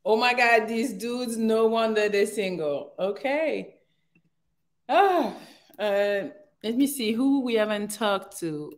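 A woman's voice: a little high, slow pace. A woman hosting a live call-in chat, who laughs often and teases her guests. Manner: laughing, teasing. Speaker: host.

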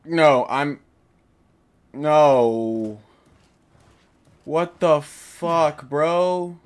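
A man's voice: fairly high pitch, expressive, a little slow, long pauses. A young man commentating a horror game as he plays it, jittery and panicky, talking to himself and his viewers. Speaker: gaming YouTuber.

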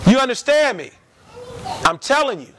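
A man's voice: very high voice, very animated, normal speed, fairly bright tone, slight background noise. A man preaching a sermon to a church congregation, emphatic and repeating his lines, asking the people questions.

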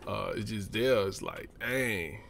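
On his channel, a let's play gamer with a Southern US drawl chats casually while playing a survival game. His voice is fairly low, gravelly and fairly bright in tone, and he speaks slowly in a laid-back, chatty way.

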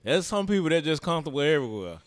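Man, slightly high voice, lively sing-song delivery, dry wry comments, crude podcast chat. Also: racing, no echo. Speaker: podcast co-host. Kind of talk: crude casual banter.

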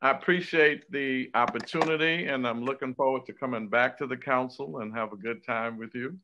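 A man's voice: medium pitch, moderate pace, pushed and bright. A man speaks with emphatic, declamatory passion, testifying as a state assembly member. His mid-range voice comes through a muffled, lo-fi remote call feed. He punches key phrases with rising force. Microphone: remote video call. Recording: dull lo-fi remote call audio.

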